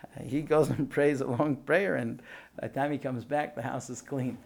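Mellow-voiced male storyteller. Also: medium pitch, normal speed, vocal fry. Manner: animated storyteller, acts out voices. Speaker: speaker. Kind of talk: storytelling talk.

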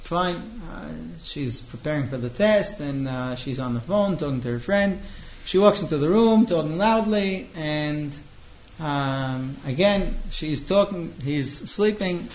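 A man with a somewhat high voice tells a story to a class, halting with fillers and restarts. The recording is a bit muffled and carries a faint hiss behind him. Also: lively intonation.

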